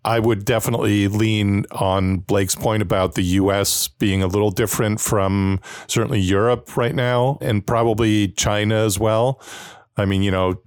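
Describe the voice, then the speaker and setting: A man on a podcast panel, analyzing economic and media data in a measured, thoughtful way. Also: on the low side, smooth, no echo, studio quality. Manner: measured, thoughtful, frequent "you know". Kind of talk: analytical discussion.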